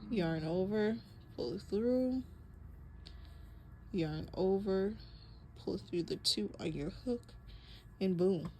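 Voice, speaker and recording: A woman's voice: mid-range voice, slow, long pauses, a little hiss or hum, poor audio. A young woman walking through crochet basics in a casual, chatty way, breathing hard and correcting herself as she goes. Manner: relaxed, chatty, self-correcting with little laughs. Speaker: crochet tutorial host. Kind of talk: casual how-to demonstration. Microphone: close mic picking up breathing.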